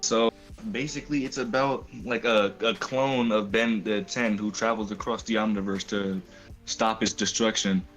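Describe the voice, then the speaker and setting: A man's voice: on the low side, steady tone, normal speed, fairly bright tone, faint music behind. A man joining a stream as a call-in guest, hesitant and searching for words, with many fillers. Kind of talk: casual call-in chat.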